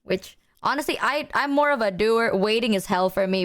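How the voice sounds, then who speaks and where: A woman's voice: medium pitch, normal speed, fairly bright tone. A woman streamer co-host in casual chat, earnest and reassuring. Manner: earnest, reassuring, laughs between lines.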